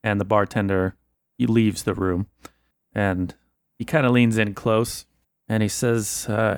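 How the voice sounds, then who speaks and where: A man narrating scene actions as game master in a casual, halting way. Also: on the low side, little pitch movement, creaky, no room sound, studio quality.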